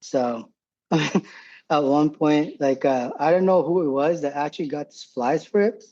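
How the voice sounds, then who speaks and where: A man in his forties tells rambling, profane war stories as a podcast guest, laughing often. His voice sits fairly high but sounds dark and husky. The audio is dull and lo-fi. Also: fairly even intonation, measured pace. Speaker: podcast guest, former combat medic. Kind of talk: casual war storytelling.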